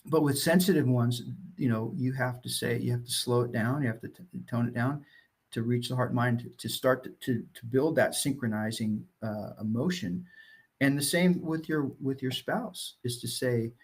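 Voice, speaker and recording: A middle-aged man, a guest, telling stories in an animated way that swings between loud and soft. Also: mid-range voice, moderate pace, slightly rough. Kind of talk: casual storytelling.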